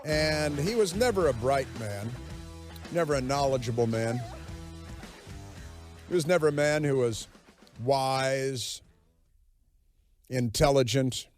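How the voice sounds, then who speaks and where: A man's voice: medium pitch, slow, long pauses, darkish tone, faint music behind. A man hosting a political talk radio show, delivering a sarcastic, mocking monologue with plenty of fillers.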